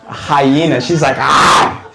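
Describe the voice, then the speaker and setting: A man telling a comic story in an animated, profane way, often repeating lines for effect. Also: medium pitch, unhurried, low-quality recording. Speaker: comedian. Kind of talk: stand-up storytelling.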